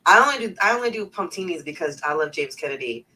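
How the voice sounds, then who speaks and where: A rambling streamer with a Houston Texan twang talks loosely, peppering every thought with 'like' and easy curses. The voice is bright and sits a little back from a laptop mic at home. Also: medium pitch, expressive, fast talker, husky, recorded from a distance, low-quality recording. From north side of Houston, Texas. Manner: rambling, full of 'like', swears freely, laughs often. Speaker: livestreamer and travel agent. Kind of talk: casual livestream chat.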